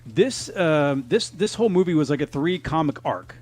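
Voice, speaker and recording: Man, casual podcast chat, animated, swears a lot, slightly high voice. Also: normal speed, no room sound. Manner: animated, profane, laughs often. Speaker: podcast co-host.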